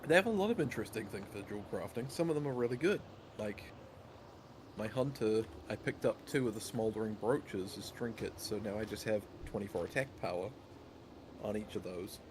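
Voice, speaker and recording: A man's voice: lowish voice, brisk. A man in casual chat on a gaming stream, wry and talkative, laughing through his stories. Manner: chatty, wry, laughs while telling stories. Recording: noisy background.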